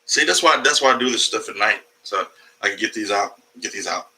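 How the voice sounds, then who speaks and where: A male comedian streams from home and rambles through a loose, profane monologue, breaking off to scold his cat. His voice is sharp and forceful, with a lively pitch that jumps all over. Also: brisk, poor audio. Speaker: comedian livestreaming. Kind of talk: casual livestream monologue.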